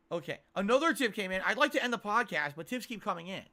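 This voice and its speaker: Animated, bright-voiced male streamer. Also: high-pitched. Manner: exasperated rants, animated. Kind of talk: livestream chat, reading tips. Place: home office. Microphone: desk mic.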